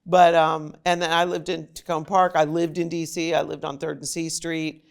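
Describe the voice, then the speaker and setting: Animated woman with a gravelly edge. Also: low-pitched, normal speed. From Maryland, USA. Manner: animated, slips into playful voices. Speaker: actress guest. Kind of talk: casual interview chat.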